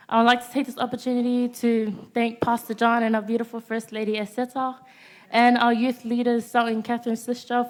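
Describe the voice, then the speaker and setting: A teen girl with a high voice gives a sermon to a church youth congregation. She speaks in short, declared points and pauses after nearly every one to ask "Amen?" as call-and-response.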